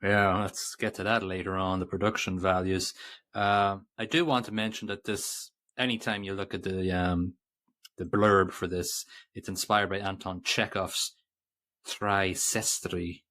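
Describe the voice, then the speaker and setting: A man's voice: sits low, level tone, normal speed, a bit bright. A man co-hosting a podcast, chatting casually about a film in a rambling, self-interrupting way. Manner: rambling, self-interrupting, reads quotes aloud. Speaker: podcast co-host. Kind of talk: casual movie review chat.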